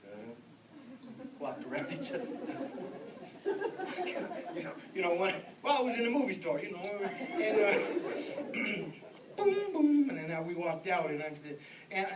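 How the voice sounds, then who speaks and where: A male evangelist preaching with a story, animated, breaking into shouts and acting out voices. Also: sits high, measured pace, long pauses, a loud crowd, heavy background noise. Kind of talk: storytelling sermon. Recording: echoey church sound from a distance.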